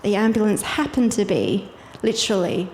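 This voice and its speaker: An Irish woman recounts a personal story as a guest, vivid and quick to laugh. Her voice sits in the middle of the range for a woman. It carries the long echo of a hall, with faint noise underneath. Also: medium pitch, lively intonation, a little mellow. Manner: vivid, laughs easily while telling. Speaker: guest sharing her testimony.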